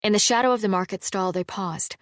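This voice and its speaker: A female audiobook narrator reads scripted narration in a steady, measured storytelling voice. Her pitch is medium, and the recording is dry with studio quality.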